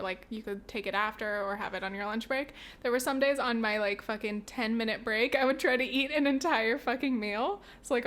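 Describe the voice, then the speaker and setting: Chatty woman podcast host, higher voice. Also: fairly bright tone. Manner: swears often, laughs, acts out little scenes with sound effects. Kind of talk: casual chat.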